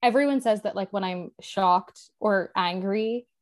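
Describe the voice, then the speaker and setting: A young Irish woman, her accent softened toward American, co-hosts a casual chat podcast. She is blunt and dry, swearing now and then, with a medium-pitched voice and a measured pace.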